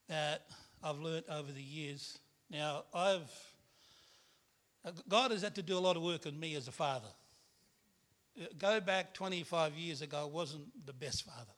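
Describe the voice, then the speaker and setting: Bright-voiced man preaching a testimony. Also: on the high side. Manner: candid storytelling with self-deprecating laughs. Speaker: guest preacher. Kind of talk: personal testimony sermon.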